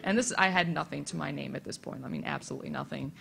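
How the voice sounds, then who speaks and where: A woman on a convention panel telling a self-deprecating story in a chatty way, with quick asides. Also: low voice, vocal fry, a bit bright, slight background noise. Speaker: comics artist on a convention panel.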